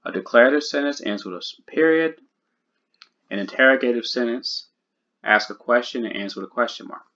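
A man teaching a grammar lesson, speaking slowly and deliberately and repeating the key points. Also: mid-range voice, lively intonation, pushed and bright, muffled recording.

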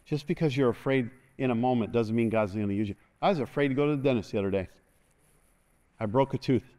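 A man's voice: medium pitch, a little mellow. Joking call-and-response preacher, older man. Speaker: pastor. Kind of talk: sermon.

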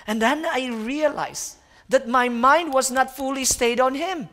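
A young man delivers a sermon as a guest speaker, spinning a personal story with animated energy. His voice sits fairly high for a man. He keeps turning to the listeners and calling them friends. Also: unhurried.

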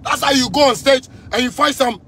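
A man in his thirties from Ghana with a Ghanaian Pidgin English accent, delivering an angry, repetitive rant with frequent shouting. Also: very high-pitched, a little fast, a little hiss or hum. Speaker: musician ranting on video.

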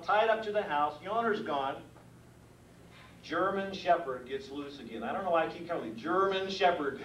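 Older male storyteller, high voice, animated comedy delivery, echoey room recorded from a distance. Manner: folksy, animated, acts out the scenes. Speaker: mailman telling stories. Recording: echoey room heard from a distance with faint noise.

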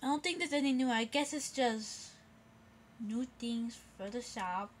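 A woman giving live commentary as she plays a video game, full of gasps and excited squeals. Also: a little high, measured pace, a little hiss or hum. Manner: excitable, gasping, squealing reactions. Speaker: gameplay vlogger.

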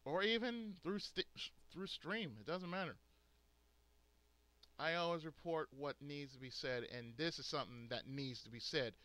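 A man's voice: a little high, normal speed, bright, forceful tone, dry recording. A man hosting a gaming channel, ranting angrily and profanely to his subscribers, stressing words hard. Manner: angry, profane, emphatic ranting. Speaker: gaming video host. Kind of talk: angry rant to subscribers.

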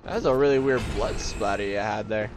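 A man's voice: fairly low pitch, fairly quick, music in the background, poor audio. A man casually commentating a video game, joking and talking to the enemies on screen. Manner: jokey, talks to game enemies in silly voices. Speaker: gameplay commentator. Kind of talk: let's play commentary.

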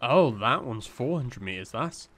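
This young gameplay commentator is unhurried, with a medium pitch, lively intonation and a fairly bright tone. His casual let's-play talk rambles along with self-deprecating humor and frequent fillers.

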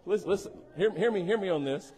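In a church sanctuary, a male pastor preaches with a high-pitched, warm voice and talks fast. His delivery is playful, full of teasing asides, and he keeps checking in with the congregation for responses.

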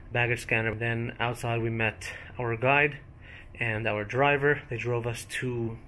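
A man hosting his own travel vlog, telling what happened in a loose, chatty, play-by-play way. His voice sits mid-pitch. A faint hum of noise runs underneath. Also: fairly bright tone. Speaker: travel vlogger. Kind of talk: casual travel vlog narration.

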